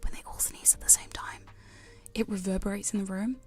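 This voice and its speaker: A woman chatting in a soft, giggly whisper on a live hypnosis ASMR stream, close to studio mics in her home studio. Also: medium pitch, level tone, fairly quick. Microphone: studio condenser and binaural mics.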